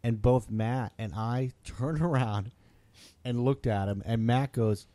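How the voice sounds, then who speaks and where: Man, podcast host, casual animated storytelling, middle pitch, dry close sound. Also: slow, no echo. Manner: animated, acts out quoted voices, laughs often.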